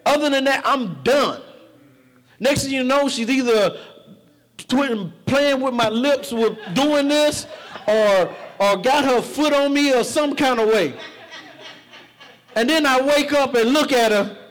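A middle-aged man preaching a sermon in church, shouting for emphasis and telling humorous stories about his own life. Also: very high-pitched, slow pace.

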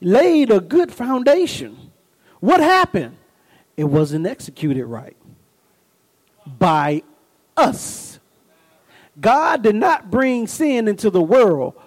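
A man's voice: high voice, wildly swooping pitch, takes it slowly, poor audio. A middle-aged man preaching a sermon as pastor. He tells folksy stories with call-and-response asides and rises into bursts of emphasis.

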